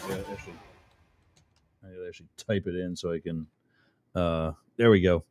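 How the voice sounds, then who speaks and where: Low-voiced chatty male radio host. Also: fairly even intonation, normal speed, pauses often, darkish tone, faint music behind. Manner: rambling, chatty, self-interrupting with fillers. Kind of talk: casual radio talk show hosting.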